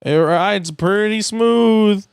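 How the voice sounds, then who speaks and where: A man's voice: sits high, extremely slow, creaky, clean tone, dry recording, studio quality, voice pushed up, heavily acted. A man voicing a goofy, cheerful male tow truck who whoops and talks with folksy bad grammar. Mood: gleeful. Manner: whooping, hillbilly-style grammar.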